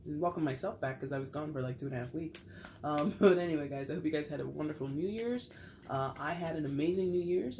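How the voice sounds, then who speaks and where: A woman's voice: deep voice, mellow, slight background noise. A woman giving a casual tarot reading to camera, chatty and playful with frequent laughter, while getting over a cold. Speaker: tarot reader.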